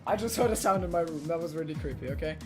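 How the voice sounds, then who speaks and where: A man's voice: fairly high pitch, very fast, music in the background. A man hosting and commentating a live online racing tournament in a chatty, jokey way, running the show. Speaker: host commentator.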